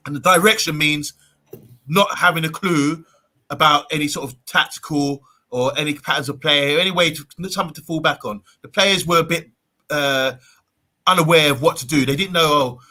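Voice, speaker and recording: A man's voice: on the high side, normal speed, pushed and bright. A man hosting a live fan stream, playfully bossy as he reads out viewer comments. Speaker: host of a live fan show. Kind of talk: casual live-stream chat.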